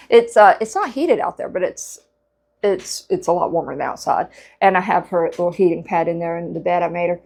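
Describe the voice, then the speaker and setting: A woman vlogger with a lowish, gravelly, slightly mellow voice talks fairly quickly to the camera as she crochets. Her casual chat rambles, full of fillers, restarts, and self-corrections.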